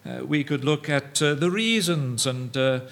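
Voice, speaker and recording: A man preaching an evening sermon, halting with many fillers and restarts, and mimicking his opponents' views in quoted asides. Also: mid-range voice, expressive, creaky, a bit bright.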